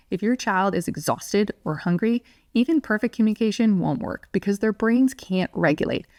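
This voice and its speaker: A woman parenting educator giving a calm, clear, scripted lesson to parents. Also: medium pitch, no room sound, clean studio sound. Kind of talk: scripted teaching monologue.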